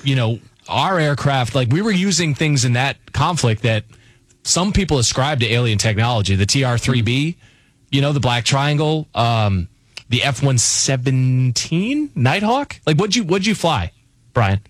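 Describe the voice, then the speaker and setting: A man's voice: mid-range voice, lively intonation, normal speed, no echo. A man hosting a sports radio call-in show, talking in a chatty, riffing way.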